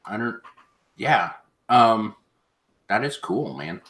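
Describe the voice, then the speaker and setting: A man's voice: lowish voice, very animated, takes it slowly, a bit bright. A man hosting a live auction stream, chatting casually in an easygoing, rambling way. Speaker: auction show host.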